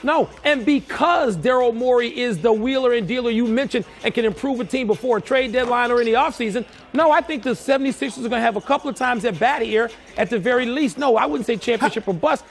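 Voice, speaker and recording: Firm, high-voiced male sports analyst. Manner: firm, measured arguing. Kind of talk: debate on a sports show.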